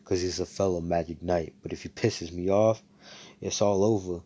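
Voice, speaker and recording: A man putting on a low, brash, cocky young fighter. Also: fairly even intonation, normal speed, dark tone. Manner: blunt, boastful, swearing.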